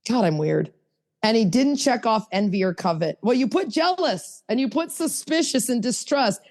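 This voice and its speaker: Lively blunt woman teaching a workshop. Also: moderate pace. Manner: animated, swings from low asides to high emphatic bursts; blunt, self-mocking asides. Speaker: podcast host teaching a workshop. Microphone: podcast mic.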